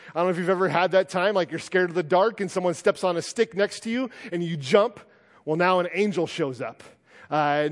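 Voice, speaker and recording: A man preaching a sermon in a plain, conversational way, with many fillers and restarts. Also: a little high. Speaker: pastor. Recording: long reverb of a hall.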